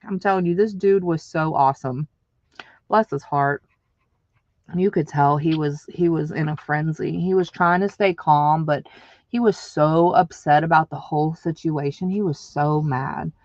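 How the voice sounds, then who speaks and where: A woman, somewhat low-voiced, rambles through a long personal story with lots of fillers and restarts. She sounds tearful in places. The recording is dry and a bit muffled. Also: steady tone, measured pace, darkish tone, dry recording. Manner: rambling, emotional, many fillers. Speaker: vlogger. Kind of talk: casual storytelling.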